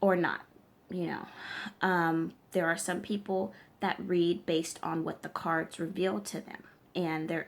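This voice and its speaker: This woman speaks at a fairly low pitch, a little slowly, with a flat, creaky delivery. A tarot reader and spiritual practitioner, she gives her viewers emphatic advice directly to camera, checking in with them often while lecturing.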